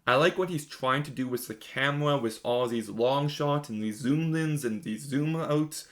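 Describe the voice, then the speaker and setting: A man's voice: medium pitch, normal speed. A young man giving a casual spoken film review, frank and exasperated, with plenty of "like" and "um" fillers. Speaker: movie reviewer.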